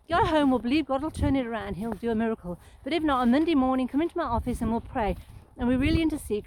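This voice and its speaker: Fast-talking woman vlogging outdoors. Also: high voice, a little hiss or hum, rough recording. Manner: warm, chatty storytelling with fillers. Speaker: Christian vlogger. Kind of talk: casual devotional testimony. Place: outdoors in a snowy field.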